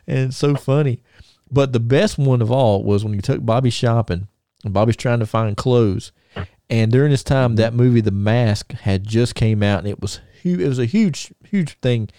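A man talks casually on a podcast, retelling old stories in a loose, rambling way full of restarts. His voice is mellow and warm. The recording is close and dry. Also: mid-range voice, moderate pace, no echo. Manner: rambling storyteller, many restarts and chuckles. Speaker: podcast co-host. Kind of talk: casual chat.

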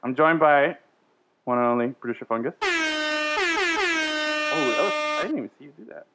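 A man's voice: medium pitch, lively intonation, fast talker, over loud music. A man hosting a casual sports podcast, joking around and laughing a lot. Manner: jokey, laughing, hypes himself up. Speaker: podcast host. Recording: dull lo-fi sound.

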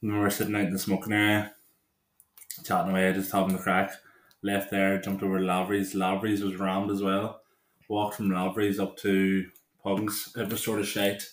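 A man's voice: sits low, monotone, moderate pace, reverberant, slight background noise. A Northern Irish man in his twenties telling long, rambling stories with lots of "like" while co-hosting a casual podcast chat. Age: 20s. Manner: rambling, laughing anecdotes with lots of "like". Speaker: podcast co-host.

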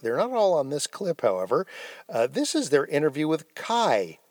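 A man's voice: on the high side, huge pitch swings, normal speed, darkish tone, dry recording. A man hosting a podcast segment, introducing clips and plugging shows with wry asides. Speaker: podcast host.

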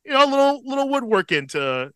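A man in his thirties co-hosting a casual podcast chat, relaxed and profane, with a slight tickle in his throat. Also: very high-pitched, fast, clean tone, dry recording. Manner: laid-back, profane, chuckles often. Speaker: podcast co-host.

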